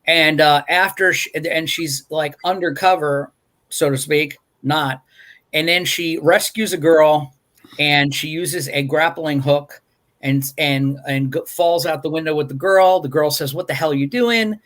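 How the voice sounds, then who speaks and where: A man's voice: fairly high pitch, fairly even intonation, a little slow, a bit bright. A man hosting a casual live-stream movie review over a video call, rambling and wry with frequent fillers and restarts. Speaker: movie review show host.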